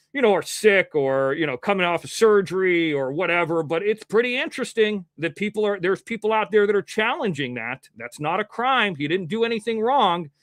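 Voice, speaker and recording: On his own livestream news show, a man with a fairly high, fairly bright voice rambles from story to story and argues combatively with chat and his critics directly. His face mask muffles his words slightly, and the casual commentary sounds dry and close without room echo.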